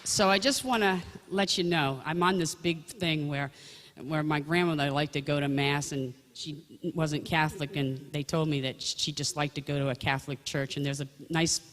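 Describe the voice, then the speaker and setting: A woman's voice: sits low, steady tone, moderate pace, a bit bright. Older woman telling chatty faith anecdotes, echoing. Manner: chatty, rambling anecdotes addressed straight to listeners. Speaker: Catholic speaker giving testimony. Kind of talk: storytelling faith talk. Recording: long echoing reverb.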